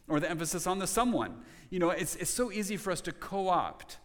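A man's voice: fairly high pitch, a little fast, few pauses, fairly bright tone. A middle-aged man preaching a sermon as a pastor, earnest, often repeating words as he restarts a thought. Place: church sanctuary. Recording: long reverb of a church hall.

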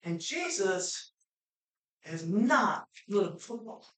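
A woman pastor preaching a sermon, swinging between fervent shouts and quiet, low asides. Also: lively intonation, slow pace. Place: church sanctuary. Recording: very echoey hall, mic far off.

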